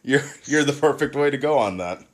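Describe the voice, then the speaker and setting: A man hosting a podcast, joking and rambling in relaxed chat. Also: mid-range voice, fairly quick, background noise. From United States. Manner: jokey, rambling with restarts. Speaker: podcast host.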